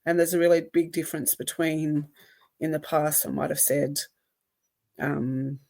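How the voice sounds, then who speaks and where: Low, slow-speaking woman podcast co-host. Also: fairly even intonation, vocal fry. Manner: reflective, measured, with soft laughs. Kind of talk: casual podcast chat.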